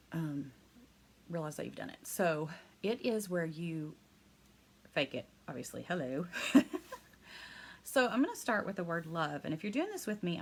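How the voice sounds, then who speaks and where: A woman teaching a live hand-lettering class online. She talks fast and excitedly, chatty and encouraging, and laughs often. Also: fairly low pitch, gravelly. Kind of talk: live online craft lesson.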